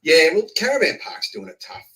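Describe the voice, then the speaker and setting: Australian guy, middle-aged, bright and punchy tone, yarn-spinning guest on a live chat. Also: sits high, lively intonation, a little fast. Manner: chatty storyteller, laughs often, acts out quotes. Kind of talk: casual chat on a livestream.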